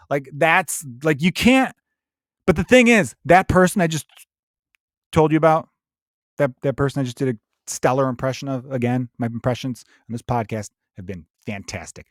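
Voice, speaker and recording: Man, podcast host, swearing rant, animated, dry booth mic. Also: medium pitch, moderate pace, no echo. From Chicago, USA. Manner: profane, animated ranting with mocking put-on voices. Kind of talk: solo comedic rant.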